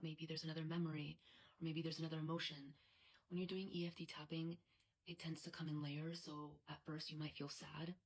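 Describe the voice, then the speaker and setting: A woman with a low, husky voice coaching a tapping exercise. Her delivery stays soft and often drops to a whisper. The pitch barely moves, and a gravelly edge runs under her words. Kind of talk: guided tapping instruction.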